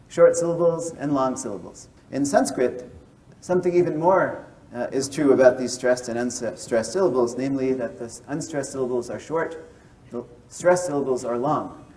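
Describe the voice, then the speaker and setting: A man's voice: medium pitch, moderate pace, warm tone, far from the mic, slight background noise, rough recording. A man who is a mathematician explaining ideas step by step, often checking in with his listeners. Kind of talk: explanatory lecture and interview.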